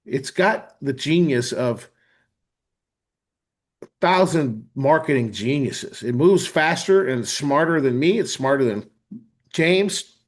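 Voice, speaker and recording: A man's voice: medium pitch, expressive, slow, pauses often. A man hosting a live online webinar demo, talking with enthusiasm and often checking in with "right?". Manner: enthusiastic, frequent "right?" tags. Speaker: host.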